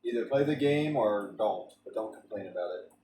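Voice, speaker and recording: A man's voice: lowish voice, lively intonation, fairly quick, warm tone. Rambling man with a roomy, distant sound. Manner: rambling, with frequent restarts and stammers. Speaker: streamer. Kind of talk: casual rambling chat during a game stream.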